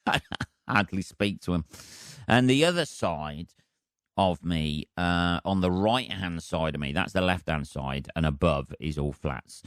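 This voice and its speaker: Low-voiced sweary man rambling. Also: a little slow, no echo, clean studio sound. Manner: rambling, heavily sweary, deadpan. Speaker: comedian and podcast host. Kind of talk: casual solo podcast monologue.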